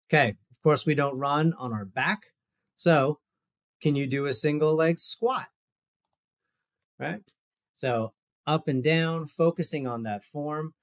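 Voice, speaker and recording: A man, a physical therapist, giving a loose, conversational talk over a video call while walking through exercise videos, with fillers and asides. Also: medium pitch. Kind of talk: casual presentation over shared screen.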